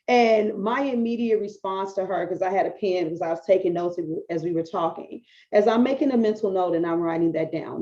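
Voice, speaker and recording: Brief: middle-aged woman coach, casual rant to camera, profane and animated, warm low tone. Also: a little fast, few pauses, muffled recording. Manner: blunt, profane, animated storytelling. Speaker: business coach. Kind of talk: casual talking-head video.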